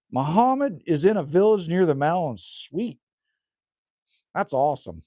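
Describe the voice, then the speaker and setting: Middle-aged Canadian man, folksy livestream host, slightly hoarse, lively pitch. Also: takes it slowly, no echo, clean studio sound. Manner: folksy, chatty, drops "hey?" and "man". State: a little hoarse. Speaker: livestream host reading chat. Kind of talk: casual live chat. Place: rural cabin indoors.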